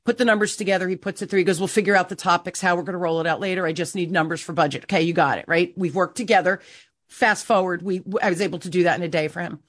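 A woman with a lowish voice tells a personal story in a casual podcast chat. She acts out the dialogue of the people in her story with real feeling. The sound is dry and close, with no room echo. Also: racing. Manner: animated, emotional storyteller who acts out quoted dialogue. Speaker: podcast host. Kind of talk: conversational storytelling.

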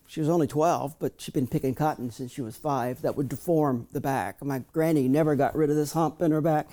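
Folksy man, mellow storytelling voice. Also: a little high. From Southern US. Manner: folksy, frank, frequent restarts. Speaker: speaker reading from his memoir. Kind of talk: storytelling talk.

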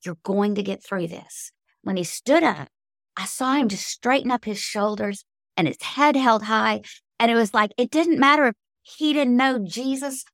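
A woman's voice: fairly high pitch, moderate pace, fairly bright tone, no echo, clean studio sound. A middle-aged woman, a guest author, telling heartfelt faith-based stories in an interview with an earnest, emotional manner.

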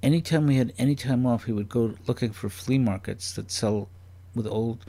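A man's voice: medium pitch, moderate pace, dark tone. A man chatting as a guest on a comedy podcast, rambling and curious, firing off playful questions. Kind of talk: casual podcast chat.

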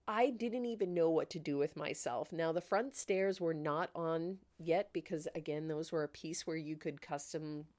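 A woman with a fairly low voice talks casually into the mic. She tells her story with plenty of animation, slips into the voices of the people in it, and laughs often. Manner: animated, laughing, acts out quoted dialogue. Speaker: podcast host.

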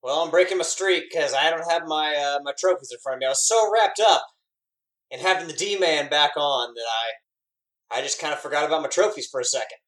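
A man co-hosts a casual podcast, excitable and quick to swear. He talks fast in a slightly high voice. The room around him sounds echoey. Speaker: podcast co-host. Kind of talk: casual chat.

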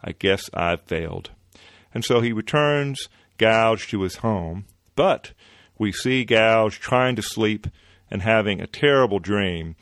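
A man hosting a podcast, retelling an old comic-book story in a relaxed way with many fillers. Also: fairly low pitch, takes it slowly, dry recording, studio quality. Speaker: podcast host.

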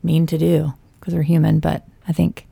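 Low, flat, gravelly woman. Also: normal speed. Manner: reflective, offering advice. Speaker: parent in discussion. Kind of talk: casual chat.

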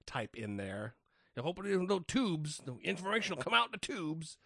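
A man's voice: fairly high pitch, sing-song, moderate pace, vocal fry, bright, forceful tone, slightly rough, no room sound, clean studio sound. A man co-hosting a casual skeptic podcast, joking and swearing, often stumbling and restarting his words. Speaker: podcast co-host.

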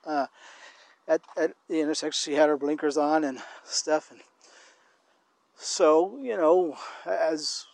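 A man's voice: fairly high pitch, steady tone, vocal fry, a little mellow, dry recording. A man with a slightly raised voice talks through faith and love in a loose, rambling way, often stopping and restarting his thoughts. The sound is dry and close. He is out walking while he talks. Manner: rambling, halting with many restarts. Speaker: co-host. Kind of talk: casual faith chat.

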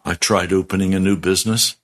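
A man's voice: deep voice, steady tone, fast talker, fairly bright tone. A middle-aged man, a pastor, telling his testimony in a sermon, earnest and heartfelt with strong emphasis.

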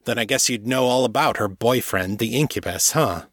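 A man's voice: medium pitch, moderate pace, fairly bright tone, no room sound, clean studio sound, close to an everyday voice. A man voicing a weary, blunt male hero with wry humor in an audiobook.

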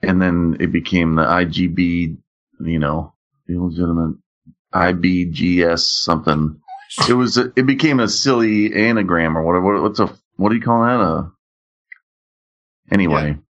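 A man with a very low voice tells rambling, profane stories in a loose podcast chat. The sound is muffled and lo-fi. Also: normal speed. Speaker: podcast co-host. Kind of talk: casual chat.

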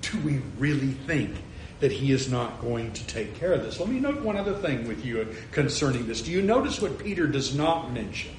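Animated older male pastor in echoey hall. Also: medium pitch, normal speed, a little hiss or hum. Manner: animated storytelling, acting out his own reactions. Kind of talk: sermon. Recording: echoey hall with faint ambience.

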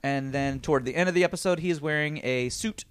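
A man co-hosting a casual podcast chat, recapping an episode in an animated way, swearing and laughing often. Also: a little high, fast, clean tone, no room sound, clean studio sound.

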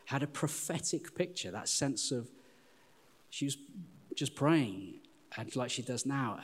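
Middle-aged pastor in a reverberant church. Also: male voice, medium pitch. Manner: animated, addresses listeners as "folks". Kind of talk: sermon. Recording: long hall reverb.

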